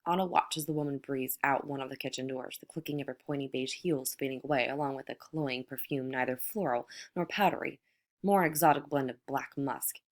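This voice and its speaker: A woman reads a novel aloud in a measured, even manner. Her voice sits low and steady. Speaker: audiobook reader. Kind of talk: novel narration read aloud.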